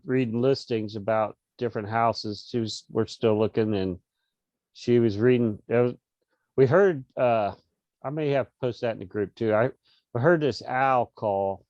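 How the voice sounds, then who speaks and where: A middle-aged interview guest tells a casual story over a video call in a medium-pitched, slightly mellow, clean voice. The recording is dry and lo-fi, and he rambles with many restarts and fillers.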